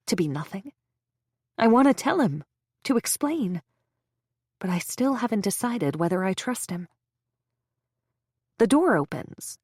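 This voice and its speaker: Gravelly woman narrating a tense story. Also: mid-range voice, no echo, studio quality. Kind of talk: first-person audiobook narration.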